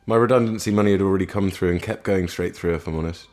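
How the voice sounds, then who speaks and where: A man's voice: low-pitched, fast, darkish tone. A young man reading a first-person story in a dry, understated manner. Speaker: narrator. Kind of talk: scripted narration.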